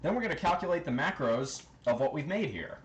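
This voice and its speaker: A man hosting a casual cooking livestream, keeping up a relaxed running commentary with fillers as he works. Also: on the high side, fairly quick, over loud music. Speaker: livestream host. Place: home kitchen. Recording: echoey kitchen with loud background noise.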